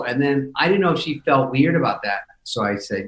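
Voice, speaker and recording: A man's voice: mid-range voice, expressive, brisk, a bit bright, roomy sound, poor audio. A middle-aged man telling casual anecdotes as a podcast guest, dry and self-mocking, briefly mimicking others. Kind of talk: casual storytelling chat.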